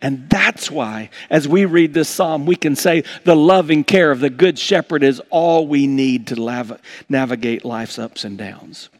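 A man preaching a sermon as pastor, swinging from quiet, intimate asides to loud, fervent outbursts, with homely examples. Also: a little high, unhurried, hardly any pauses. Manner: folksy, uses homely examples.

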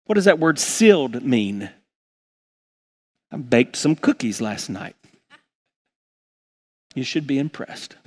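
A man preaching a sermon as pastor, swinging from quiet, intimate asides to loud, fervent outbursts, with homely examples. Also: mid-range voice, big pitch swings, slow pace, long pauses, slightly rough. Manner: folksy, uses homely examples.

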